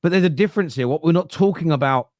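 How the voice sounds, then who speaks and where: A man's voice: a little high, very fast, a little mellow, no room sound, clean studio sound. Argumentative Southern English man. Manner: argumentative, explains at length. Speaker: football podcast host. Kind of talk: casual debate.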